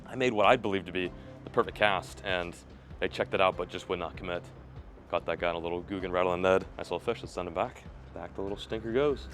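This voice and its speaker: A young man hosting a fishing vlog from a rocky riverbank, chatting casually and breaking into excited shouts when fish show up. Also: deep voice. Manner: excitable, bursts into loud yelling when fish appear. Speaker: fishing video host. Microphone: camera mic, filmed by a camera operator.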